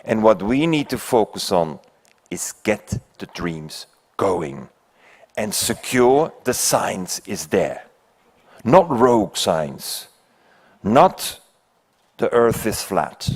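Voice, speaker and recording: A man's voice: fairly low pitch, sing-song, takes it slowly. An older man from Belgium, not an English speaker, giving a conference talk and telling a fable with rhetorical questions to the audience. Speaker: keynote speaker. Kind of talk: conference speech with a told fable. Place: conference hall.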